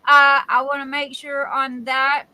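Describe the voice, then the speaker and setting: Southern woman, stream host; high, bright, chatty, calls folks darling. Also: little pitch movement, unhurried, poor audio. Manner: chatty, greets viewers one by one with endearments. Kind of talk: casual live-stream chat.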